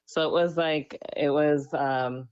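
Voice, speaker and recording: A woman from Canada, a DJ and musician guest, speaking reflectively on a radio interview with many pauses and fillers. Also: low-pitched, steady tone, darkish tone, smooth, no echo, dull audio.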